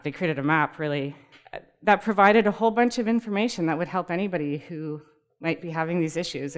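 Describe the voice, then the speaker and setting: A woman's voice: deep voice, clean tone. A woman giving a casual, upbeat presentation to a live audience, laughing easily and talking directly to the room. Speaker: speaker at a tech community talk. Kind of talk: conversational presentation.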